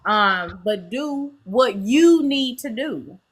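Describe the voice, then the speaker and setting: A woman on a podcast panel, speaking in a measured, affirming way with many fillers. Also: fairly high pitch, animated, breathy edge. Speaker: panel guest. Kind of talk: casual panel chat.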